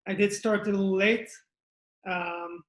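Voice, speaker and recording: A man's voice: high-pitched, steady tone, unhurried, a bit bright. A man, a fighter answering interview questions in plainspoken short phrases. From Israel. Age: 20s. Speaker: mixed martial arts fighter. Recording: echoey room.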